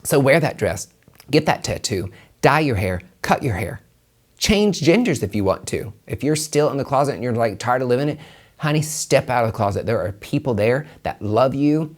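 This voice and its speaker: A man's voice: medium pitch, lively intonation, normal speed. A man hosting a solo podcast on tarot and numerology, talking emphatically with plenty of swearing, repeating his points and calling the listener honey. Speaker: podcast host and tarot reader.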